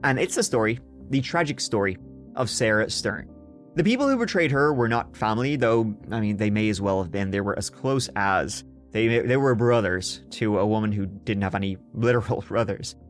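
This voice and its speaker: A man's voice: fairly low pitch, normal speed, soft background music. A man hosting a podcast, telling a true crime story with sarcastic, swearing asides. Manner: sarcastic, swearing, animated outbursts. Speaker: podcast host.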